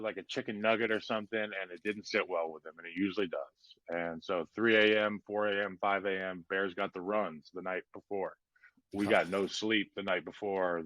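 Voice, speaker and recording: A man in his thirties, a podcast guest, telling a personal story in a casual, animated way with lots of fillers. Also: on the low side, no echo. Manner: animated, lots of "like" and "you know". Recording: dull lo-fi podcast audio.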